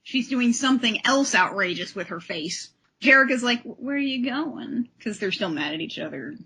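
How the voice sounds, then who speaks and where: A woman co-hosting a podcast, recapping a cartoon episode in animated, jokey casual chat. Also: medium pitch, moderate pace, vocal fry, slightly rough. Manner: animated, jokey, acts out quotes. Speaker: podcast co-host.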